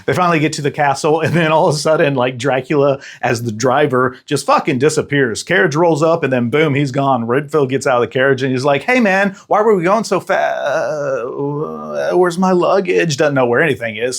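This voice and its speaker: A man hosting a casual, joking movie recap, full of slang and quick acted-out voices. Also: mid-range voice. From Texas. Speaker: podcast host and film reviewer.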